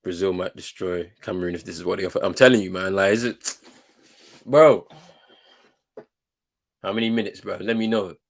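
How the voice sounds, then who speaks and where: A man's voice: low-pitched, fairly even intonation, normal speed, vocal fry, long pauses. A young man reacting to a football match live as a watchalong host, slangy and exasperated, often breaking into laughter.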